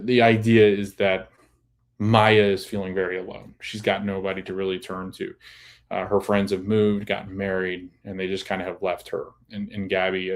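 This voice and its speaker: A man's voice: on the low side, darkish tone. A man hosting a podcast, casually recapping a TV episode in a chatty way and laughing often as he retells scenes. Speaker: podcast host.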